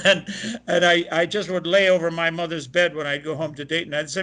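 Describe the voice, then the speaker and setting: An older opera tenor from Ohio, USA, is a guest in an interview, telling stories at normal speed. His bright voice sits a bit high for a man, and he animatedly spins long anecdotes, quoting the people he met along the way.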